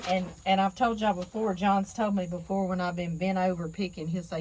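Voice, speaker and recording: A woman's voice: on the low side, fairly even intonation, moderate pace, low-quality recording. A middle-aged woman with a Southern drawl, chatting casually to her viewers as a cooking channel host, folksy and talkative, calling them y'all. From Louisiana. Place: outdoor canning kitchen porch.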